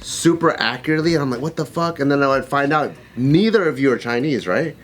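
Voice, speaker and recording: A man's voice: mid-range voice, lively intonation, fast. Rambling laughing male podcast host. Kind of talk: casual podcast chat.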